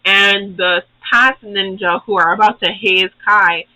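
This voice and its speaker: A young man with a high, very bright voice gives a casual, swear-filled recap of a show, rambling from point to point. The recording is dry and close, with no room sound at all. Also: fairly even intonation, unhurried, no room sound, poor audio. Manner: profane, rambling, acts out characters. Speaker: YouTube host.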